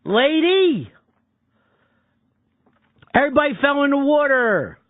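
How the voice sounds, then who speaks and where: A radio host playing an exasperated Philadelphia man who keeps yelling that everyone is in the water. The voice sits high and nasal with a thick Philadelphia accent, and it comes through as dry, tinny, phone-like audio. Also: sing-song, takes it slowly, no echo, full character voice. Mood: frantic.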